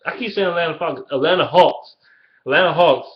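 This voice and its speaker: A YouTuber in his early twenties with a Detroit accent rants bluntly and fast in a casual video, his voice on the high side and his swearing constant. The webcam audio is dull and lo-fi.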